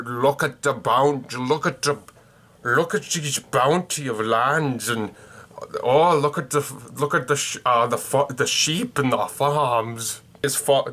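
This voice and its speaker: A young man putting on a clumsy fake Scottish voice, halting and stumbling over his words. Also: medium pitch. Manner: halting, stumbling, slow and loud. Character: bad fake Scottish man admiring farmland.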